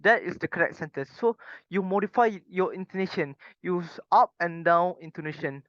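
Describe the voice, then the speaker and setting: High-voiced young man presenting. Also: normal speed, a bit bright, dry recording. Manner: explains step by step with short examples, plain wording. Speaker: student presenter. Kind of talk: recorded class presentation. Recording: dull lo-fi, dry recording.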